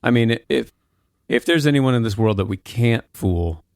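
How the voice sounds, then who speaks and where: A man's voice: medium pitch, expressive, moderate pace, a little mellow, no room sound, studio quality. A man hosting a podcast, talking things through in a thoughtful way and restarting now and then. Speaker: podcast host. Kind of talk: casual chat.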